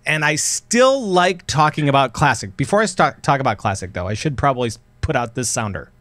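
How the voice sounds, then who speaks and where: A man's voice: medium pitch, fairly quick, no room sound. Rambling man hosting a gaming podcast. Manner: rambling, many restarts and fillers, animated when excited. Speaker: podcast host. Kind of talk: casual podcast chat.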